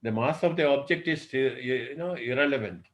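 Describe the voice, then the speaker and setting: Professor lecturing, full of fillers. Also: male voice, mid-range voice, fairly bright tone, low-quality recording. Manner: unhurried, thinks aloud with many "uh, you know" fillers and rhetorical questions. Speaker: professor giving a workshop lecture. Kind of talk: online lecture. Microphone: video call.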